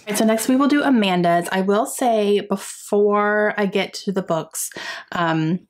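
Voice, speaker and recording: A young adult woman in casual, excited chat as she unwraps gifts for her book vlog. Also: medium pitch, measured pace. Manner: excited and chatty, gasping and laughing often. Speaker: book vlogger.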